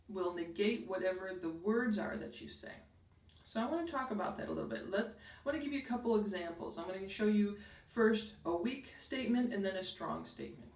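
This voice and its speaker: Middle-aged female host giving career tips to camera: upbeat, emphatic, recorded with room echo from a distant mic. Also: mid-range voice. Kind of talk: direct-to-camera advice video.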